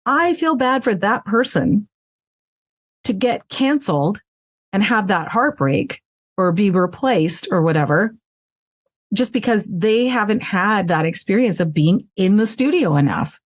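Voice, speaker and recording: A frank, animated woman speaks as an interview guest, her voice sitting in a middle register. She swears freely and speaks with energy. The sound is close and dry, with no room around it. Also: mid-range voice, a little slow, no echo. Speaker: voice actress and guest. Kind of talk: casual interview chat. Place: home recording space.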